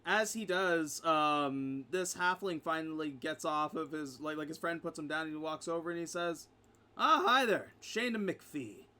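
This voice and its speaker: Bright-voiced casual male game master. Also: on the high side, fairly even intonation, normal speed, hardly any pauses, smooth. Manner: casual, lots of fillers like "like" and "um". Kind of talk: narrating a tabletop game.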